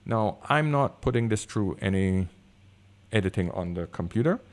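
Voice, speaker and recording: A man with a deep bass voice reviewing gear in easygoing casual chat, recorded on a desk condenser mic in a room with high concrete ceilings. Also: normal speed. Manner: easygoing, excitable, talks with fillers. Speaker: product reviewer. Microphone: desk condenser microphone.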